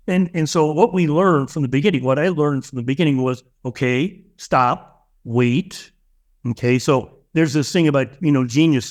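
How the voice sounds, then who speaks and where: A man with a somewhat raised voice tells a personal story as a guest in an interview. He speaks earnestly and with open emotion, and often circles back to restart a sentence. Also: on the high side. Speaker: guest, spiritual teacher.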